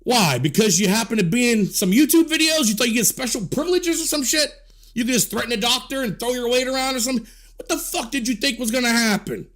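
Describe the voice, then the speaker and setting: Angry man ranting, high animated voice. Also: fast. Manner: heated, profane, repetitive scolding. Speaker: commentator. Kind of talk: angry rant to camera.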